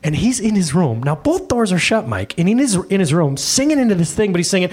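A pastor in his thirties, high-voiced and a little fast, preaches with hardly any pauses into a handheld microphone. His animated sermon veers from loud bursts to quiet asides as he acts out quoted voices.

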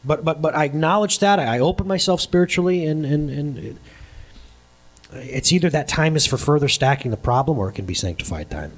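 A middle-aged male pastor delivers a sermon in a fairly high voice. His pitch swings widely as he talks in an animated way. He laughs easily and slips into the voices of the people he quotes. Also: fairly quick.

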